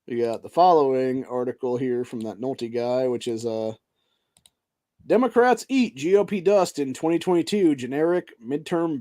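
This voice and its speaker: A male podcast host who reads news articles aloud and breaks into angry, profanity-filled rants, ending his sentences with "dude.". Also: medium pitch. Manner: heavy profanity, keeps tacking "dude" onto sentences; angry, heated tirades between flat read-outs. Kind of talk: reading news articles aloud and ranting over them.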